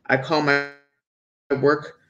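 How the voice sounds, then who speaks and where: A middle-aged woman doctor, a podcast guest, telling a personal story frankly and animatedly, jumping up in pitch as she quotes others. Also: takes it slowly, lo-fi sound. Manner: animated, acts out quoted people with sudden high pitch; frank, candid.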